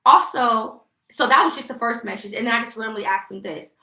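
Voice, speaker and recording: A woman's voice: fairly high pitch, brisk, hardly any pauses, bright, forceful tone, roomy sound. A young woman venting emotionally on a casual livestream, rambling and indignant. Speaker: vlogger live-streaming.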